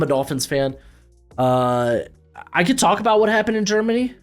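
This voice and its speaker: A man's voice: high voice, big pitch swings, normal speed, soft background music. A man giving casual football commentary as host, loose and rambling with lots of fillers and restarts.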